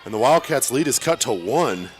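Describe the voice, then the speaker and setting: A man calling a high school volleyball match as play-by-play announcer, chatty and quick to exclaim. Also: expressive. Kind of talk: live volleyball commentary.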